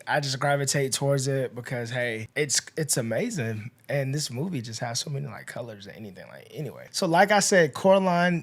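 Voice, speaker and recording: A man hosting a podcast, casually retelling a movie's plot in a chatty, rambling way, full of "you know" and "like", with his voice rising and dropping in loudness. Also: medium pitch. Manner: chatty, filler-heavy storytelling with swings in loudness. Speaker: podcast host.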